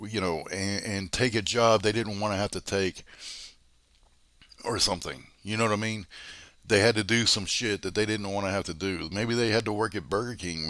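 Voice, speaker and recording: Guy ranting and cussing someone out, low voice, dry sound. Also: fairly bright tone, no room sound. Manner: heated, swearing, berating. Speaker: drama commentary host. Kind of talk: angry profane rant.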